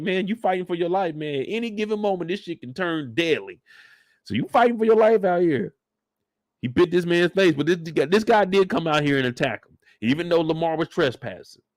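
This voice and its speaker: Man hosting a recap show, slightly high voice, dry sound, loose and profane. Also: no room sound. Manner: animated, profane, joking. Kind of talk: casual episode breakdown.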